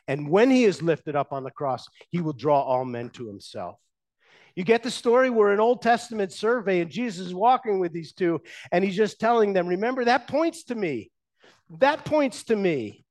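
A pastor preaching in a fairly high voice, retelling old stories from the pulpit. He swings between raised emphasis and hushed, quiet lines as he builds his points. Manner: storytelling, shifting between loud and hushed. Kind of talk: sermon.

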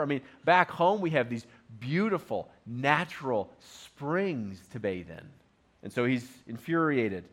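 A man's voice: mid-range voice, animated, a little slow, a bit bright. A man preaching a sermon in a conversational, storytelling manner. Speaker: pastor.

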